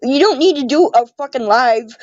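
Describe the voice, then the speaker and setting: A woman's voice: high-pitched, expressive, moderate pace, dry recording. A woman speaking as a guest on a casual livestream, defensive and blunt. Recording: muffled dry call audio.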